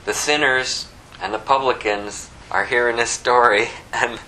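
A male preacher delivering a sermon in a folksy, animated storytelling manner. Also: mid-range voice, a little slow, a little hiss or hum, poor audio.

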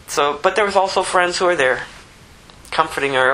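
A man preaching a sermon, moving between impassioned rising emphasis and hushed, slower scripture reading. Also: on the high side, slight background noise, poor audio. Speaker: pastor.

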